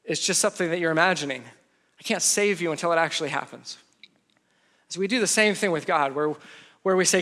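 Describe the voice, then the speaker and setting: A man's voice: fairly high pitch, brisk, long pauses, pushed and bright. A man, a pastor with a young daughter, preaching a conversational sermon, mixing humor and acted-out quotes into his teaching.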